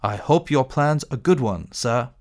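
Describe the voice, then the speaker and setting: A nervous male spaceship navigator speaks up, read by a man in a textbook story. The delivery is slow, and the pitch rises and falls noticeably. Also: expressive, darkish tone, natural voice. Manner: slow, deliberate reading.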